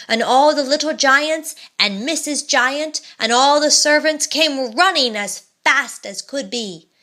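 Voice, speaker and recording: A woman reading a children's storybook aloud in an expressive, dramatic way. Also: high voice.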